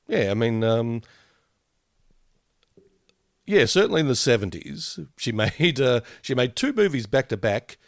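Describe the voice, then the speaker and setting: A man's voice: mid-range voice, sing-song, a little slow, pauses often, no echo, studio quality. A man co-hosting a podcast who rambles in a jokey way and keeps correcting himself. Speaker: podcast co-host. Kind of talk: casual review chat.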